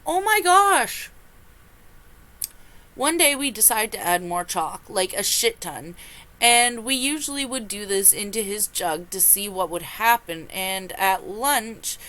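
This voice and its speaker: A young woman reading confessions aloud and reacting with loud exclamations and laughter. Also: medium pitch, measured pace. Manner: animated, exclaims and laughs between lines.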